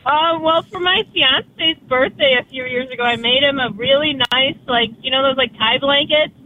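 A woman's voice: high-pitched, moderate pace, no room sound. A woman calling in to a radio show by phone, sheepishly confessing a story. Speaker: caller. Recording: tinny phone line.

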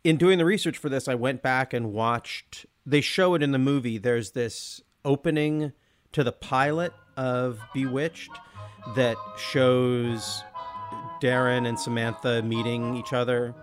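A man's voice: medium pitch, steady tone, unhurried, soft background music. A man co-hosting a podcast, chatting casually and enthusiastically about a film, often laughing. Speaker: podcast co-host.

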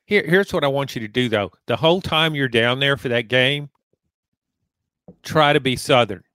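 A man's voice: mid-range voice, moderate pace, pushed and bright, clear, resonant tone, no room sound. A man from Louisiana co-hosting a sports podcast, ribbing his partner in a mock-stern way. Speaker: podcast co-host, columnist. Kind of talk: casual sports podcast chat.

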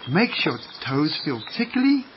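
A man's voice: fairly high pitch, sing-song, slow pace. A man doing a stern, pompous father duck. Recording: muffled lo-fi radio, faint hiss.

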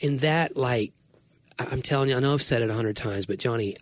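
A man's voice: medium pitch, a little fast, no echo. A man co-hosting a casual Christian conversation, speaking earnestly and rambling, often correcting himself mid-sentence. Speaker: Christian podcast co-host.

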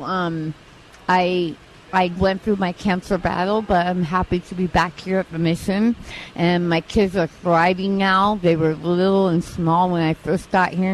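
A woman's voice: lowish voice, a little hiss or hum, rough recording. Earnest woman with a slight lisp. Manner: earnest, halting with restarts and fillers. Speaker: interview guest, mission staff. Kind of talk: personal testimony. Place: outdoors at a live charity event.

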